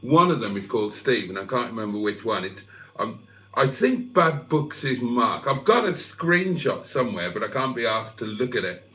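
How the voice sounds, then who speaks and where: A man's voice: medium pitch, big pitch swings, normal speed, sharp tone. A man, hosting a casual livestream, reading out comments and swearing freely with self-mocking humour. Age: 50s. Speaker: livestream host.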